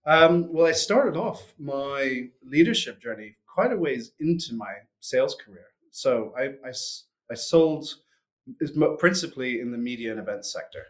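A man in his forties chats as a guest on a business podcast, relaxed and a little hesitant. He keeps restarting his sentences and leans on fillers. His voice sits at an ordinary middle pitch. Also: normal speed. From Switzerland and US upbringing. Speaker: guest, sales executive. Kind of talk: casual interview chat.

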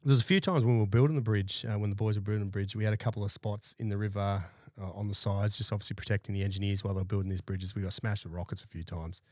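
Australian male guest, thirties, lower voice, blunt, swears a lot, dry close studio sound. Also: steady tone, racing, hardly any pauses, darkish tone, no echo. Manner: blunt and heavily profane, laid-back anecdotes. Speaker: podcast guest, army veteran. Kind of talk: casual storytelling interview. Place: small studio.

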